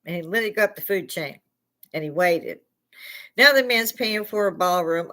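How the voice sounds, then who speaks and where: A woman's voice: on the low side, animated, normal speed, a bit bright. Blunt, profane older Chicago woman. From Chicago, United States. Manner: blunt, profane, heated ranting. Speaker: livestream host. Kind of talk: opinionated live rant.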